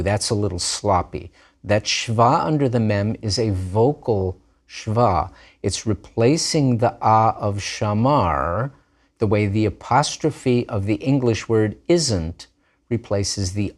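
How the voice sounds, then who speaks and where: A man's voice: fairly low pitch, a little mellow. A man teaching a recorded grammar lesson, drilling forms patiently with repeated examples. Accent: Israeli Hebrew pronunciation of Hebrew words. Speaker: language teacher.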